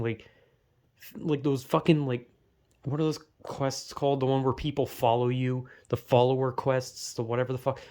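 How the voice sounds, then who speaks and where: A man vlogging a heated, profanity-filled rant about a video game, with sudden loud outbursts and a headache. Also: medium pitch. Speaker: gaming vlogger. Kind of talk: ranting vlog monologue.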